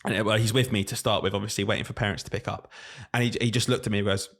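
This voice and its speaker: A man's voice: fairly low pitch, racing, vocal fry. A man in his late twenties, a teacher co-hosting a podcast, chatting casually and acting out classroom stories with quoted voices. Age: 20s. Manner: animated storytelling, acts out quotes. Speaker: podcast co-host, primary teacher. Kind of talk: casual chat.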